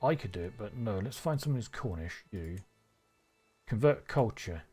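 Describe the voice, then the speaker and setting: A man streaming a strategy game live, thinking aloud with excitable bursts. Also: lowish voice, moderate pace, slightly rough, faint music behind.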